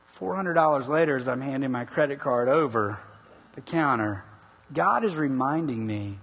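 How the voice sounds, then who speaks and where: A middle-aged man preaching a sermon, telling a personal story and asking the congregation questions in an animated way. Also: mid-range voice, moderate pace, breathy edge. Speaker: pastor. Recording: long echoing reverb in a large hall.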